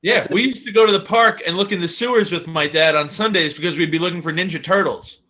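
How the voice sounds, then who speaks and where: A man's voice: high-pitched, fast talker, pushed and bright. A man co-hosting a podcast, joking and self-deprecating in casual chat. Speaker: podcast co-host.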